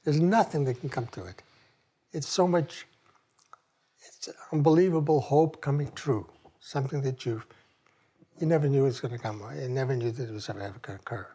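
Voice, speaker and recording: A man's voice: mid-range voice, normal speed, pauses often, dark tone, breathy edge. A man in an interview recalling wartime events in an emphatic, emotional way. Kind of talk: interview recollection.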